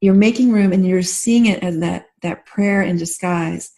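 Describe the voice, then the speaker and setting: A woman with a low-set, gravelly voice talks as an interview guest. Her speech is gentle and halting, full of restarts and soft fillers. She slows down when she voices tender inner thoughts. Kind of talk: reflective interview talk.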